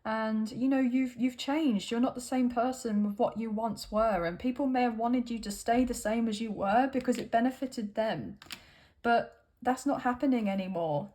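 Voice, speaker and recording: A woman's voice: fairly high pitch, moderate pace, warm tone. A woman tarot reader giving a casual, rambling reading with lots of fillers and "right?" tags.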